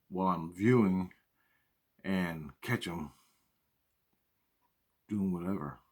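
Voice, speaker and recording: A man's voice: low-pitched, husky. A man telling a personal story in a casual, rambling way, with lots of swearing and repeated phrases. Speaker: storyteller recounting personal experiences.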